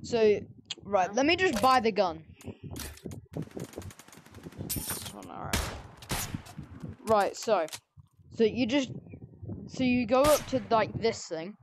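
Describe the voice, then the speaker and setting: A woman's voice: fairly high pitch, takes it slowly, pauses often, noisy background. Chatty young-sounding woman over gunfire. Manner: chatty, joking, loud bursts of excitement. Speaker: player teaching a newcomer. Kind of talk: casual gameplay chat. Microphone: VR headset. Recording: loud gunfire in the background.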